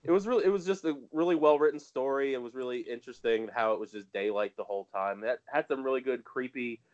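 A man's voice: medium pitch, quick pace, a little mellow. A man in a casual chat, rambling and correcting himself as he goes. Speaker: podcast host. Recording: dull lo-fi sound.

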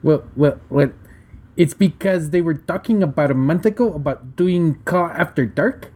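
A man's voice: on the high side, normal speed, warm tone, breathy edge. A man in a listener's recorded message, joking around and rolling his Rs. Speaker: listener sending audio. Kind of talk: casual chat.

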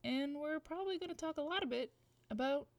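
A woman's voice: sits high, no room sound. A woman hosting a podcast, opening the episode and explaining an idea in a thoughtful, conversational way. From Libya. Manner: fast, upbeat intro, then thoughtful explaining. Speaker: podcast host. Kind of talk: podcast intro and discussion.

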